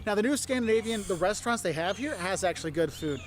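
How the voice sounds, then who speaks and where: A man presenting travel advice in a lively, chummy way, often acting out little voices. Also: sits high, fast talker, slight background noise.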